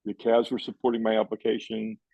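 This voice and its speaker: A man's voice: fairly low pitch, monotone, a little fast, husky, no echo, phone-quality sound. An older man, a professor guest on a podcast, telling a long story and acting out the dialogue in it.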